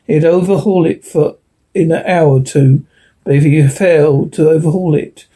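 Male audiobook narrator for a science fiction story; slightly high, husky voice, steady reading with occasional restarts. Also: moderate pace.

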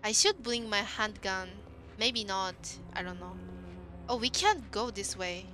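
A woman's voice: medium pitch, a little slow. A woman with a Japanese accent streaming a game, reacting to her chat in simple English and exclaiming at what happens on screen. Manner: simple non-native English phrasing. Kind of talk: casual gameplay commentary.

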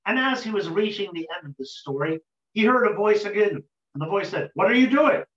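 A man telling a folk tale aloud in an unhurried, rhythmic way, with sudden lifts in his voice. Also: high-pitched, lively intonation, fairly bright tone. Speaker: storyteller. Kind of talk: oral folk-tale storytelling. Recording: roomy dull lo-fi recording.

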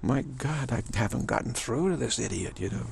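A man's voice: mid-range voice, animated, a little fast, vocal fry, slight background noise. A man voicing a dismayed holy man who feels let down, in an exasperated tone.

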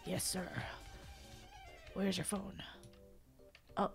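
A woman's voice: on the low side, flat delivery, drawn-out words, gravelly, husky, soft background music. A woman streaming a video game, joking around with theatrical mock pleading and giggles. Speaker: gaming streamer. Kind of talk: playful let's-play commentary.

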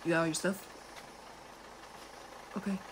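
Killua, laid-back. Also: female voice, fairly low pitch, little pitch movement, a little slow, a bit bright, a little hiss or hum. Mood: gentle. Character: Killua, a cool teenage boy, easygoing and teasing. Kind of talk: fan role-play.

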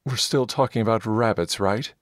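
A man's voice: on the low side, moderate pace, no echo, studio quality, pitched above the performer's own voice, close to an everyday voice. A man voicing a dim-witted, timid young male warrior in an audiobook, eager to please. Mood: anxious.

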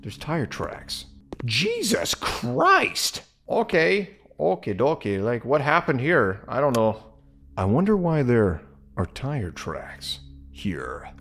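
A man's voice: medium pitch, slow, gravelly. A man hosting a let's-play video, giving joking, sarcastic commentary as he plays. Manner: animated, joking, sarcastic asides. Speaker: gaming video host.

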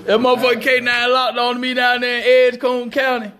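A man's voice: very high voice, monotone, quick pace, pushed and bright. A man telling a story to a phone camera, emphatic and profane, laughing often. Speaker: storyteller recounting a police dog bite.

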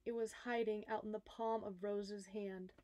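A woman, a nurse, reading a children's picture book aloud, expressive and speaking directly to young listeners. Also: mid-range voice, normal speed, no room sound. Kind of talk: storybook read-aloud for children.

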